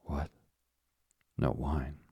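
An earnest young sailor pleads eagerly with his father in a storybook reading, as a male narrator puts him on. The voice is deep, gravelly and husky despite the youth of the figure, with a flat, even delivery. The sound is dry and close. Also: drawn-out words, no echo, full character voice.

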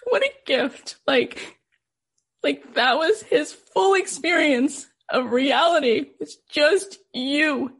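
A woman's voice: high voice, takes it slowly. A middle-aged woman podcast host telling an emotional personal story in an earnest, heartfelt way, full of casual fillers.

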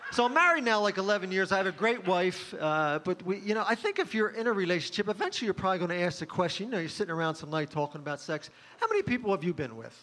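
A middle-aged man doing a stand-up comedy set, delivering crude one-liners in a deadpan, offhand way. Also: sits high, rapid-fire, few pauses, slight background noise.

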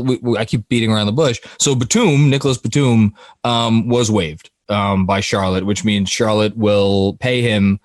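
A man's voice: medium pitch, dry recording. A man hosting a casual sports podcast, rambling with frequent laughs and restarted sentences. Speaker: podcast host.

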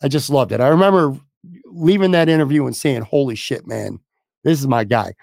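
A man hosting a sports podcast in blunt, rambling casual talk, hoarse from losing his voice. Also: medium pitch, brisk, darkish tone, no room sound, clean studio sound. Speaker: podcast host.

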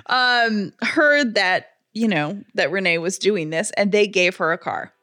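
A woman's voice: medium pitch, measured pace, a bit bright, no echo, clean studio sound. A woman co-hosting a podcast, chatting casually and reading an ad with enthusiasm. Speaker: podcast co-host. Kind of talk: casual chat and host-read ad.

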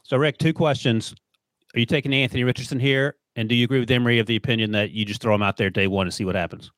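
A man's voice: mid-range voice, steady tone, a bit bright, dry recording. A man hosting a podcast, leading the questions and joking with his guests in casual chat. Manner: quick, joking, leads the questions. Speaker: podcast host.

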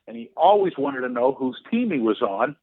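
A man's voice: mid-range voice, big pitch swings, husky, no room sound. A sportswriter in his sixties, telling an anecdote as a guest with lots of restarts and fillers. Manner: halting, frequent restarts and fillers. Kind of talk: storytelling anecdote in interview. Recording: tinny phone line.

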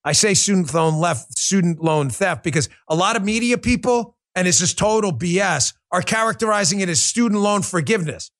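A man's voice: high voice, animated, fairly quick, few pauses, fairly bright tone. Fired-up ranting male podcast host. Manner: heated, sarcastic, profane, mocking voices. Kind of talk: ranting political commentary.

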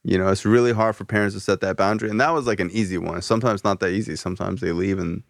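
A man's voice: deep voice, steady tone, rapid-fire, creaky, no echo, studio quality. A man hosting a podcast, talking bluntly and casually and swearing freely. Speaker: podcast host. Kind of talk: casual interview chat.

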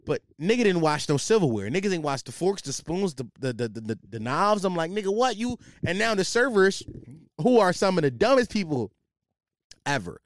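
A man's voice: on the high side, very animated, normal speed, no room sound, clean studio sound. A young man hosting a casual solo podcast, telling a rambling, profane story about his job, full of slang. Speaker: podcast host.

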